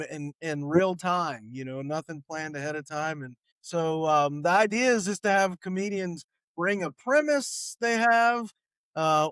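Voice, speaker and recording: A male comedian hosts a podcast, chatting in an upbeat, filler-heavy way. His voice is high and smooth. It is recorded dry and close to the mic. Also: a bit bright, no echo. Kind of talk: casual podcast hosting.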